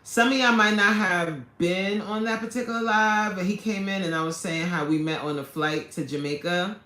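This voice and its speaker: A woman's voice: mid-range voice, normal speed, hardly any pauses, fairly bright tone, reverberant. A woman hosting a casual live stream, chatting to viewers in an exaggerated valley-girl drawl full of "like, totally.". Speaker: livestream host.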